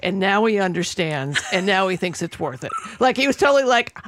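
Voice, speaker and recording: A woman co-hosting a radio talk show, telling stories in lively, laughing chat. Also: medium pitch, brisk, few pauses, no room sound.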